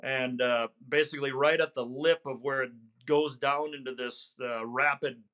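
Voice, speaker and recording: Bright-voiced man telling a story earnestly. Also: mid-range voice, fairly even intonation, moderate pace. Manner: earnest, reflective, restarts and fillers. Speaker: hunting guide, podcast guest. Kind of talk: conversational storytelling.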